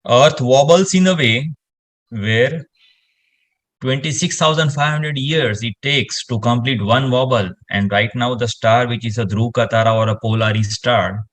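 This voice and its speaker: A man's voice: medium pitch, measured pace, a bit bright. A man, explaining space science in casual conversation and rambling with lots of "you know" fillers.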